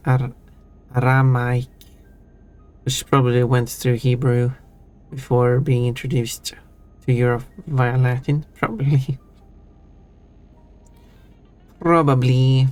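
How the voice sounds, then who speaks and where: A man's voice: medium pitch, clean tone. Chatty man streaming. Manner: chatty, self-amused, restarts and trails off. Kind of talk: casual chat while gaming.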